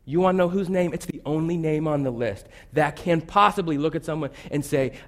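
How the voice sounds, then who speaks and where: High-voiced male preacher, chatty sermon. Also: brisk. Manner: animated, acts out quotes in shifting voices; loose and chatty, with fillers like "like" and "basically". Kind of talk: conversational sermon.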